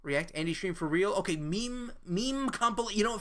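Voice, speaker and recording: A young man chatting casually on a live stream, halting and self-questioning, swearing now and then. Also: sits high, lively intonation.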